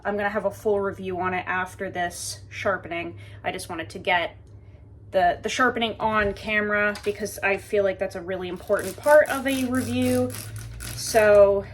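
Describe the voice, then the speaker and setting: A woman's voice: mid-range voice, moderate pace, slight background noise. A woman reviewing a knife in a casual, chatty way, joking and talking straight to her viewers while she sharpens at her workbench.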